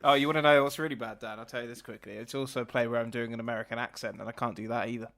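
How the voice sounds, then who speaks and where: A man co-hosting a casual podcast, telling animated anecdotes and laughing along. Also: medium pitch, racing. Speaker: podcast co-host.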